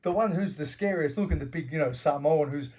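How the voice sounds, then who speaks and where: A man's voice: fairly high pitch, fairly quick, a little mellow. A middle-aged Australian man, a former fighter, telling door stories in casual interview talk and swearing freely. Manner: swears freely, acts out quarrels in anecdotes. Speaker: guest, former fighter and bouncer.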